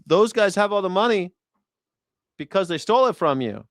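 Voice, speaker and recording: A man's voice: high-pitched, animated, normal speed, no echo, studio quality. A man hosting a news reaction show, ranting about politics in a crude, sarcastic, mocking way with lots of swearing. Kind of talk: profane political commentary rant.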